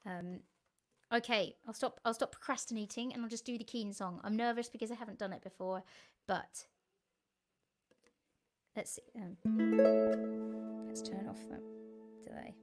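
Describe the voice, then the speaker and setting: A woman's voice: on the high side, moderate pace, long pauses, faint music behind. Chatty, giggly woman streaming. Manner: chatty, giggly, easily sidetracked. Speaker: singer-songwriter hosting a live stream. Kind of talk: casual chat to viewers.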